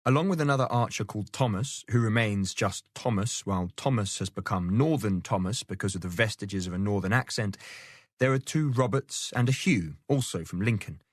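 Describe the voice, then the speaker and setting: A man with a low, grounded voice narrates a historical novel in a measured storytelling manner. His reading is dry and close to the microphone, with no room around it. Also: no echo. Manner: steady storytelling, lifts pitch for quoted characters. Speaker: audiobook narrator. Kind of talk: scripted narration.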